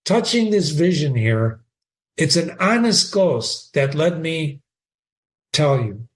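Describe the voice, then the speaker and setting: A man reading the part of a brooding, bitter young prince in a play, with slow, lilting verse delivery. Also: fairly high pitch, big pitch swings. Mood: earnest.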